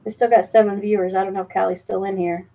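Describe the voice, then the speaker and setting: A woman's voice: mid-range voice, little pitch movement, fast, dark tone, low-quality recording. A woman live streamer chatting casually, teasing and reading her chat aloud, with plenty of ums and restarts. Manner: fillers and restarts.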